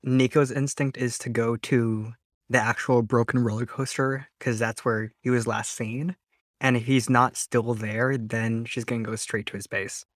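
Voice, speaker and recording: A man's voice: mid-range voice, fairly even intonation, unhurried, dry recording, clean studio sound. A man playing a tabletop game, describing his character's moves in a rambling way. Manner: rambling, filled with "like". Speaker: player.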